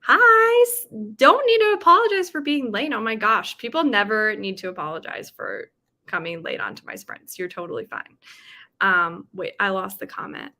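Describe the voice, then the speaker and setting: A woman's voice: medium pitch, big pitch swings, moderate pace, sharp tone. A woman hosting a casual livestream, chatting about books and reading viewer comments with lots of fillers. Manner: chatty, with frequent fillers and laughs. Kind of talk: casual chat.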